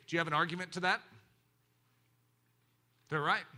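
A male pastor preaching a sermon in an animated way, swinging between loud emphasis and hushed, intimate moments. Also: a little high, moderate pace.

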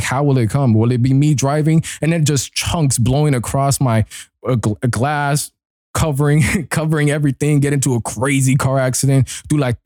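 A male podcast host at his desk mic tells a story in loose, slangy talk. His voice is mellow and dark, with a dry, close sound. He laughs often and leaps up high when he acts out his own excitement. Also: no echo. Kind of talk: casual solo podcast storytelling. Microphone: desk mic he bumps.

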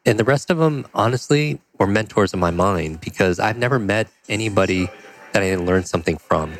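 A man telling a personal story as a podcast guest, animated and full of "like" and "you know". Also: on the low side, fairly quick. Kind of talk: storytelling in a conversational interview.

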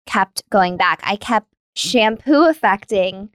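A woman's voice: medium pitch, slow, no echo. A woman hosting a podcast interview, talking in an encouraging, affirming way and often saying "like". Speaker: podcast host. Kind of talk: conversational interview.

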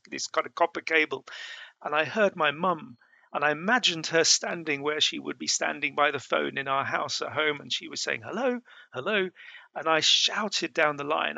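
A middle-aged man recalls his past journeys for an interviewer. His voice is bright and gravelly, with many fillers and restarts. The sound is close and dry. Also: a little high, no echo. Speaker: interview guest. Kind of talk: storytelling in a conversation.

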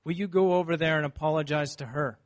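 A man preaching a sermon, reading scripture and then telling a personal story in an earnest, animated way. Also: fairly high pitch, fast.

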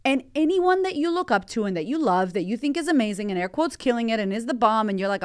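A woman's voice: fairly high pitch, lively intonation, quick pace, clear, resonant tone. A woman hosting a motivational podcast, talking with candid energy and swearing freely. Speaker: podcast host and life coach.

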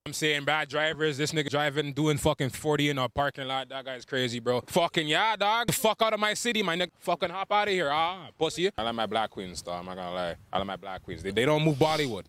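A man's voice: on the high side, expressive, quick pace, few pauses, fairly bright tone, smooth, no room sound. A young man with a Toronto accent, talking slangy and boastful in a street interview clip played from a phone. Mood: brash.

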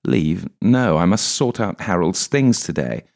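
Suspicious, prim grieving woman, put on by a male narrator in a gravelly register. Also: low voice, lively intonation, a little slow, voice pushed up, heavily acted. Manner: prim, wary.

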